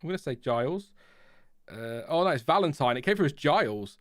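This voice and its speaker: A man's voice: on the high side, animated, fairly quick, fairly bright tone, dry recording, clean studio sound. A man hosting a casual live stream, chatty and laughing often as he reads out viewer messages and press releases. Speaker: livestream host.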